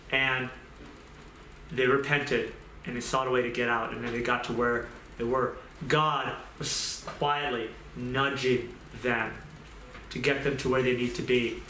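A man's voice: medium pitch, sharp tone, slight background noise. A man giving an informal sermon in a conversational way, repeating phrases and restarting sentences as he goes. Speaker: pastor. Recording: roomy echo.

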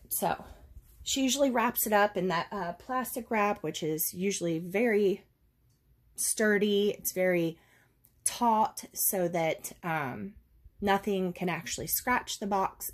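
A woman, a doll collector chatting casually and rambling a little as she opens a parcel on camera. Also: mid-range voice. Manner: chatty, rambling, folksy with "y'all". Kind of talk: casual unboxing chat.

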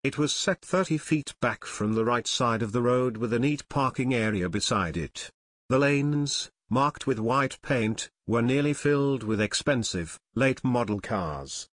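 A man's voice: medium pitch, lively intonation, measured pace, fairly bright tone, no echo. Male audiobook narrator, dry close sound. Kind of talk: scripted narration.

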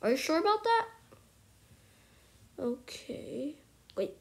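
A woman giving excitable commentary on her gameplay, exclaiming and at times whispering to her viewers. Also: high voice, slow, gravelly, slight background noise. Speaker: gameplay streamer.

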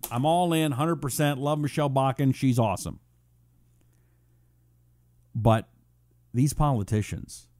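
A man's voice: warm tone, no room sound, studio quality. A man hosting a political talk radio show, reading listener messages and answering critics with sarcasm. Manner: combative, sarcastic, mocks critics in high put-on voices.

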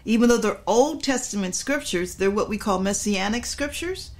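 A woman's voice: mid-range voice, expressive, moderate pace, darkish tone. A woman pastor teaching from scripture in a sermon, stressing points by repeating phrases and checking in with her listeners. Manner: repetitive, emphatic teaching with frequent asides.

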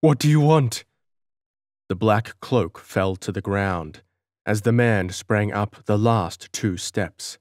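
A man narrating an audiobook in a measured, dramatic storytelling manner. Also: lowish voice, fairly even intonation, no echo, clean studio sound.

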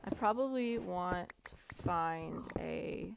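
A woman talks her way through a game in loose, rambling commentary. Her voice sits on the low side and she takes her time, muttering self-deprecating asides. A faint hiss sits under the recording. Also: takes it slowly, creaky. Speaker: let's play gamer. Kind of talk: casual gameplay commentary.

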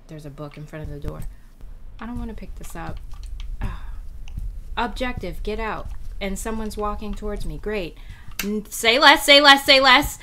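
Woman, horror game commentary, jittery, hushed mutters to frantic yelps, slow pace, bright sharp tone. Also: medium pitch, expressive, a little hiss or hum. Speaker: video game player.

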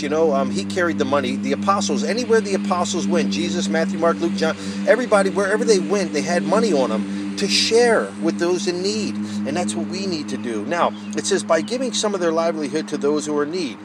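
Fervent man preaching outdoors, faint traffic. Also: on the high side. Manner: fervent, emotional, drawn-out phrases ending in "man" and "guys". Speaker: street preacher. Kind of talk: informal devotional preaching. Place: outdoors under a tent in an urban area.

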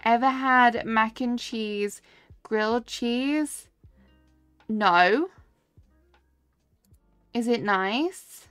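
A woman's voice: a little high, very slow, long pauses, a bit bright, clear, resonant tone, no echo, faint music behind. A young woman live-streaming a cozy game, chatting casually and answering her chat as she builds.

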